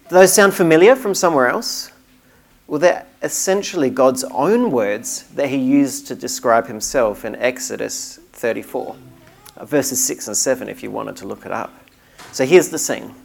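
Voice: medium pitch, expressive, moderate pace, vocal fry, darkish tone. Earnest, emphatic preacher. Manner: earnest, emphatic, with small restarts. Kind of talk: sermon.

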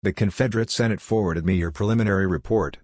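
A man's voice: on the low side, fast talker, darkish tone, no room sound, studio quality, natural voice. A man voicing a polite, businesslike male detective in an audiobook. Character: male detective, out of place, eager to finish quickly. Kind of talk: audiobook character voice.

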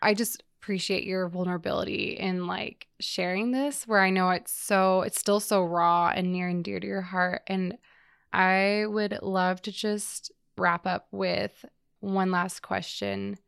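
A young woman hosts a conversation, speaking gently and with empathy. Her smooth, resonant voice carries a gravelly fry, and it is recorded close and dry. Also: medium pitch, fairly even intonation, a little slow, no echo. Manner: gentle, empathetic, frequent "like" fillers. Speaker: podcast host. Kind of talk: interview conversation.

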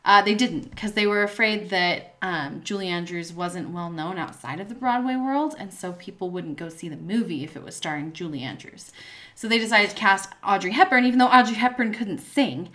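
Bright-voiced woman podcast host. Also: mid-range voice, animated, brisk. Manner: informative, chatty, explains facts with asides. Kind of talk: casual chat.

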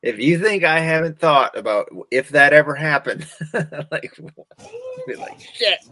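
A man's voice: fairly high pitch, measured pace, pushed and bright. A man hosting a casual show, laughing often and swearing freely as he chats. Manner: laughing, profane, loose banter. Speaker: host. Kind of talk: casual reaction commentary.

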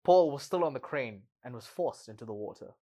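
A man's voice: medium pitch, animated, fairly quick, warm tone. Sarcastic man recapping a movie. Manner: sarcastic, exasperated asides. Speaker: podcast host recapping a movie.

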